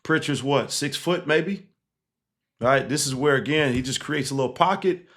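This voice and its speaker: A man, a basketball coach, casually breaking down game film, animated and laughing easily, tagging points with 'right?'. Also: a little high, moderate pace. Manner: animated, keeps checking in with 'right?' and 'again'; laughs easily while explaining.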